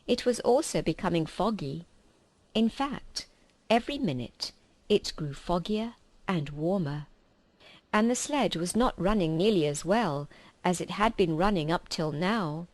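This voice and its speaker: A woman reading a children's novel aloud with calm, measured storytelling. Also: fairly low pitch, no echo, low-quality recording. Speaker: reader.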